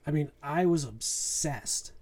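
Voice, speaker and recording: A man's voice: a little high, slow pace, a little mellow. A man co-hosting a podcast, chatting casually and telling personal stories with laughter. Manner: chatty storyteller, laughs along. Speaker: podcast co-host. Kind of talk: casual chat about horror movies.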